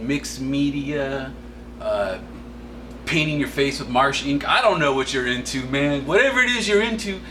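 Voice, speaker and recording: A laid-back man talks through a casual demo video with slang and jokes. His pitch sits mid-range. Clear background noise fills the warehouse around him. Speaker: art supply shop demonstrator.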